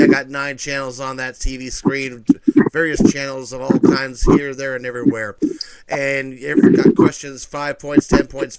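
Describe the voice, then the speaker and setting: A man hosting a game show with chatty, upbeat patter. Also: mid-range voice.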